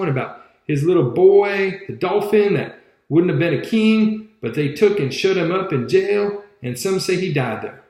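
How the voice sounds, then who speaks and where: A man narrating a novel in a folksy Southern accent. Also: sits high. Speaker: audiobook reader. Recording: very echoey room.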